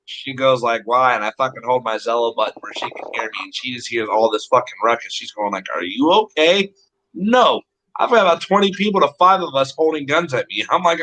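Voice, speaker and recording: A man's voice: medium pitch, pushed and bright, low-quality recording. A man telling a rambling story in casual, profane chat, blunt and full of swearing.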